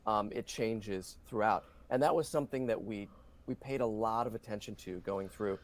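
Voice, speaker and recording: With a lowish voice at normal speed, this middle-aged voice actor talks earnestly through his interview answers. He's chatty and keeps dropping in "you know."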